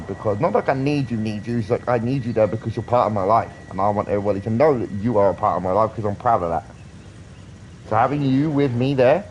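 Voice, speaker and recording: British man, fairly low voice, rambling, earnest, sweary, faint background hum. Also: darkish tone, low-quality recording. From Britain. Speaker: streamer. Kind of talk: casual live-stream chat.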